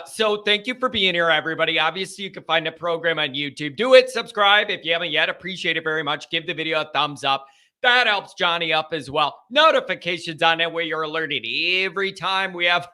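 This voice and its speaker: A man's voice: fairly high pitch, normal speed, bright, forceful tone. A man hosting a live call-in sports talk show, speaking in an emotional, rambling, heartfelt way. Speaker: host.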